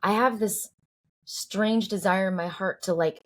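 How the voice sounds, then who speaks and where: A woman's voice: medium pitch, a little slow. A woman in her forties from the Boston area, a singer-songwriter guest talking earnestly and reflectively in an interview, with many fillers and restarts. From Cambridge, Boston area. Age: 40s. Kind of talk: heartfelt conversational interview.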